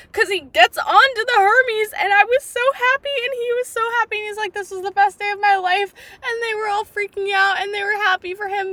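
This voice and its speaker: Young female solo podcaster with a high, bright voice. Excitable, rambling, and casually profane. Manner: excitable, swears freely, lots of "like". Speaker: podcast host. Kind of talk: casual solo book review.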